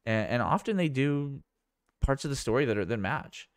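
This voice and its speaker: A man's voice: mid-range voice, lively intonation, normal speed, no echo, clean studio sound. A man vlogging a casual screen demo, rambling and thinking aloud with amazement. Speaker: tech vlogger.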